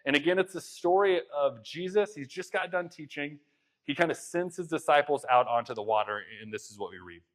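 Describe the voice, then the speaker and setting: A young man preaching a conversational sermon, retelling a story in a casual, animated way with many fillers. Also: on the high side, a little fast. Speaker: pastor.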